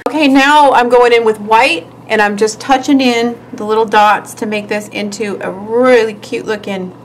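A woman's voice: a little high, fairly even intonation, normal speed, slight background noise, low-quality recording. A woman hosting a nail art tutorial, chatting casually and giggling as she works. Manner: chatty, giggly, talks while working.

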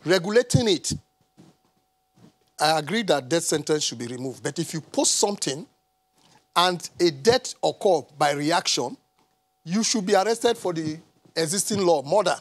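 A man's voice: a little high, lively intonation, normal speed, long pauses, rough recording. A Nigerian man speaking as an analyst on a TV panel, impassioned and raising his voice. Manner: impassioned, voice rising. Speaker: analyst guest. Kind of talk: TV panel discussion. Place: TV studio.

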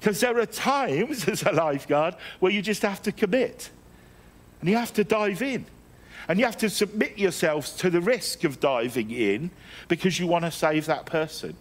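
English guy preaching, middle-aged, tells stories w/ jokes, kinda high voice, trips over his words a bit. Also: expressive, moderate pace. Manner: storytelling with self-deprecating humour and frequent restarts. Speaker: guest preacher. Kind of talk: sermon.

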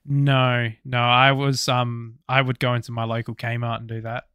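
A man's voice: medium pitch, little pitch movement, normal speed, sharp tone, clean tone, no echo, clean studio sound. A young Australian man co-hosting a podcast, chatting casually and rambling with fillers and swearing. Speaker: podcast co-host. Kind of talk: casual chat.

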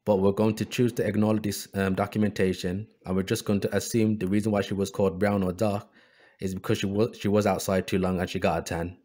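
Low, mellow-voiced man reading aloud. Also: a little fast. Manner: reads passages in an even voice, then adds sarcastic asides. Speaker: history channel host. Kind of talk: commentary reading book excerpts aloud.

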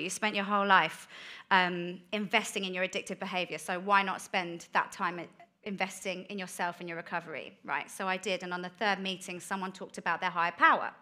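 A woman giving a candid sermon about her life, told as a chatty story with quick asides. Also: medium pitch, sharp tone. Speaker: guest speaker. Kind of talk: testimony sermon.

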